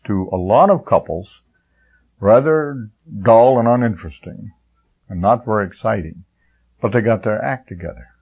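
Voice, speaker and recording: A gravelly, husky older man preaching in a folksy, rambling way. His voice sits a little low. He wanders into homespun stories and chuckles along the way. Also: a little mellow, rough recording. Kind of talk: sermon.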